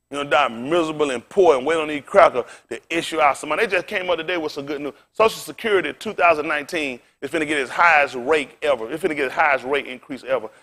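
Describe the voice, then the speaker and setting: A pastor delivers a fiery sermon in a sharp tone, firing rhetorical questions at the congregation and then dropping into low, conversational asides.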